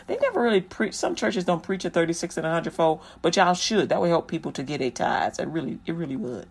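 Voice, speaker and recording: A man's voice: high voice, fairly quick, bright, forceful tone. A man hosting a Christian radio show, talking in a loose, slangy, rambling way and preaching casually to listeners.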